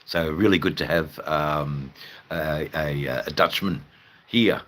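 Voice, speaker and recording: Australian male streamer, very deep, slow, rambling casual chat with viewers. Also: fairly bright tone. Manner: rambling, chatty, swears casually. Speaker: live streamer.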